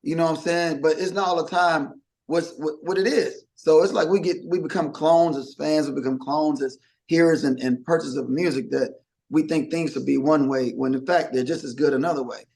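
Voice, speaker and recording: A middle-aged man guesting on an interview, his voice sitting a little higher than most men's. He rambles in a casual, animated way, restarting sentences and acting out quick quotes. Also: creaky.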